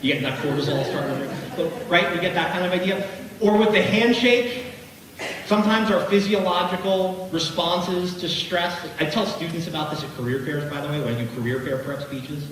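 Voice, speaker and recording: A middle-aged man delivers a motivational keynote, animated and joking, calling out to the audience as he goes. His voice sits a little high for a man. He is picked up from well back in a large hall, with a long, heavy echo and a faint hum of room noise behind him. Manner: animated, jokey, talks directly to the crowd. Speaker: keynote speaker. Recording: echoey hall from far off.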